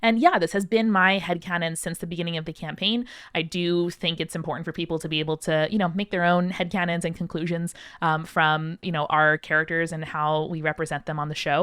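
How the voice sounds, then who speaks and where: A woman's voice: on the low side, steady tone, a little fast, few pauses, fairly bright tone, clear, resonant tone, no room sound, studio quality. A woman hosting a podcast, reading listener questions out and answering earnestly. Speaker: podcast host.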